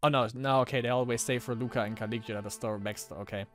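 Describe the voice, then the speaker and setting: A man's voice: medium pitch, fairly even intonation, rapid-fire, faint music behind. A young man giving casual, sarcastic, profane commentary on a game he plays. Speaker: gaming video host.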